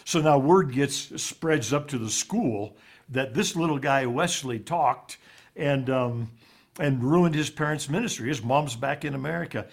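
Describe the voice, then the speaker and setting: A man of middle pitch telling a painful personal story as an interview guest. He speaks haltingly and often repeats words, and his voice sinks low and quiet on the hardest parts. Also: creaky. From raised in Ivory Coast.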